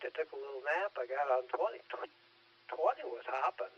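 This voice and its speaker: A man's voice: on the high side, animated, moderate pace. A middle-aged man telling a folksy, joking story as he checks in on a ham radio net. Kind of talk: casual radio chat. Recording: dull lo-fi radio audio.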